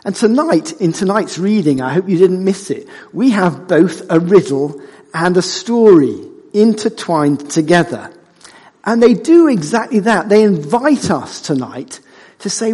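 Animated husky male preacher in a reverberant church. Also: high-pitched, measured pace. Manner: animated and conversational, jokes with the congregation. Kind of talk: sermon. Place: church hall. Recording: church hall with long reverb.

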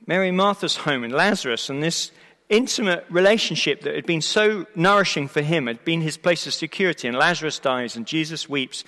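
A man's voice: fairly high pitch, a little fast. Emphatic male preacher in a reverberant hall. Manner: expressive, emphatic with rhetorical questions and restarts. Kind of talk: sermon. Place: church or hall before a live congregation. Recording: long reverb of a large hall.

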